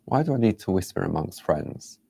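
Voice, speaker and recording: A chatty man presents a craft demonstration in a low, gravelly voice. His tone is warm and mellow, and the close recording sounds dry. He rambles loosely and now and then drops into a hushed near-whisper. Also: very animated, fairly quick, no room sound. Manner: chatty, rambling, drifts into soft whispers and laughs at himself. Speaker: craft show host.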